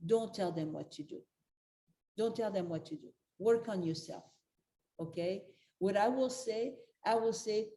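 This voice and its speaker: A woman's voice: medium pitch, mellow. An older woman giving a motivational talk as a spiritual life coach, earnest and direct, repeating her key advice to the listeners. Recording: roomy echo.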